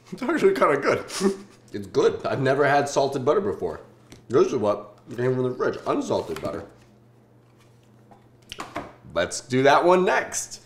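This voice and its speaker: A man in his twenties from Southern California hosting a casual food-tasting vlog, joking and swearing in deadpan asides. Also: mid-range voice, moderate pace, echoey room, a little hiss or hum. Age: 20s.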